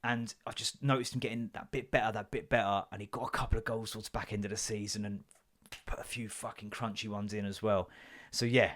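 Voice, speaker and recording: A man's voice: on the low side, steady tone, fast, a bit bright. A man in his thirties hosting a casual solo podcast, telling stories in a sweary, jokey way and slipping into mock voices. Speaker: podcast host.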